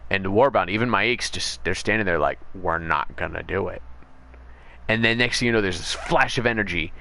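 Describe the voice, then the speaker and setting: A man's voice, on the low side yet bright and forceful, comes through with a little hiss or hum. Streaming a game, he casually retells a comic story, rambling, correcting himself often, and speeding up in quick bursts.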